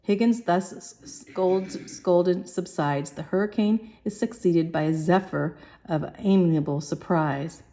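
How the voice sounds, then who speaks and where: A woman's voice: on the low side, slow pace, mellow. Woman reading stage directions aloud. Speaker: reader.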